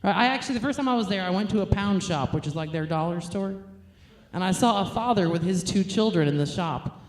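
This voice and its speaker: A woman's voice: medium pitch, animated, fairly quick, roomy sound, slight background noise. A young woman from New York, a stand-up comedian, telling crude, self-mocking jokes.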